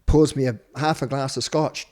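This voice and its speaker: Man, 50s, Australian accent, blunt, swears a lot, middle pitch, first-person storytelling interview. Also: fairly even intonation, normal speed, a little mellow. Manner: blunt, swears freely, acts out quoted speech. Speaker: podcast guest.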